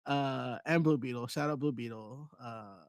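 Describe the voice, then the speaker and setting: A man co-hosting a podcast in casual chat, joking and dropping into quick impressions. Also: medium pitch, smooth, dry recording. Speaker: podcast co-host.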